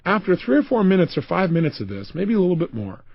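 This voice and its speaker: Man, motivational speaker, lively storyteller with a dry, close sound. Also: high voice, quick pace, creaky, no echo, muffled recording. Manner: animated storytelling, acting out quotes. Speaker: self-help speaker. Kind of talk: motivational audio program.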